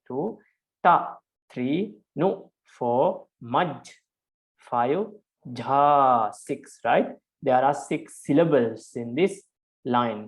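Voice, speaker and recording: A man, an English speaker, teaching a class, talking haltingly with many fillers, repeats and "right?" checks. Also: mid-range voice. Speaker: teacher of Pali prosody. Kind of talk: live online class lecture.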